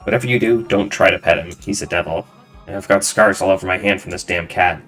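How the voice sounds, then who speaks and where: A man reading as a soft-spoken grieving barkeep woman. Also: low-pitched, fast talker, faint music behind, voice pushed down. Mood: wry.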